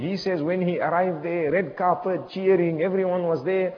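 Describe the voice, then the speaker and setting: A man's voice: sits high, fairly even intonation, normal speed. Impassioned male preacher in echoey hall. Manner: impassioned, repetitive preaching with religious phrases. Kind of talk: storytelling sermon. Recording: echoey hall, dull lo-fi sound.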